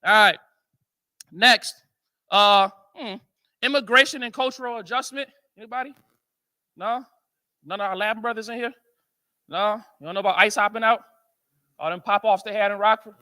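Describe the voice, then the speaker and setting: An American man speaking at a men's conference, telling stories to a live audience in an animated, joking way and asking the crowd questions. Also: high voice, moderate pace, pauses often. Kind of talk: storytelling talk to a live audience.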